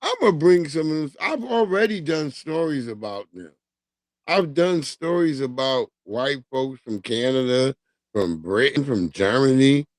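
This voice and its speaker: A man's voice: medium pitch, animated, measured pace, no echo, studio quality. A man hosting a livestream, ranting profanely in casual commentary and laughing through it. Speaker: livestream host.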